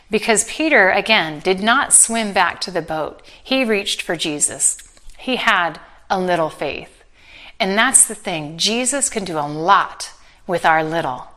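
A middle-aged woman preaching a sermon, telling a Bible story with earnest warmth and touches of gentle humor. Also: mid-range voice.

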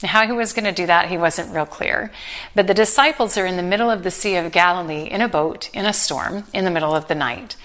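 A middle-aged woman preaching a sermon, telling a Bible story with earnest warmth and touches of gentle humor. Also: on the low side, brisk.

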